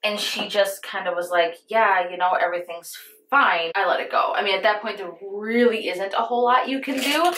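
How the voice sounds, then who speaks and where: A woman's voice: mid-range voice, fairly quick, hardly any pauses, a bit bright. A young woman beauty vlogger chatting to viewers while getting ready, telling an earnest personal story and calling her audience "you guys". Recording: roomy echoey room.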